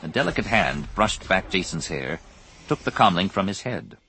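A man narrating an audiobook with measured, dramatic storytelling. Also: sits low, very animated, pushed and bright, poor audio. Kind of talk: scripted narration. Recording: narration over a music score. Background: music.

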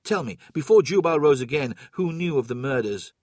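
A man's voice: fairly high pitch, lively intonation, brisk, a little mellow, no echo, clean studio sound, pitched above the performer's own voice. A man voicing a grim, commanding male warrior captain who presses with urgent questions.

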